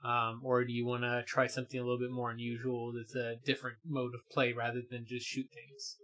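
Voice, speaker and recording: A man's voice: medium pitch, completely flat delivery, a little fast, a bit bright. A man co-hosting a gaming stream in casual chat, explaining character builds with many fillers and restarts.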